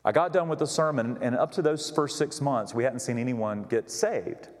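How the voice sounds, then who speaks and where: A man's voice: mid-range voice, moderate pace. A male pastor preaching a sermon, telling a story and acting out the people he quotes. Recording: long reverb in a large hall.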